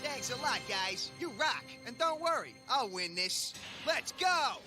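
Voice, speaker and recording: Scrappy, boastful teen duelist; high, lively delivery over music. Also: male voice, unhurried, full character voice. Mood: cocky. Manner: cocky, boastful shouting. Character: brash, scrappy teenage boy duelist. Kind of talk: cartoon dub acting. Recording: dub audio with music underneath.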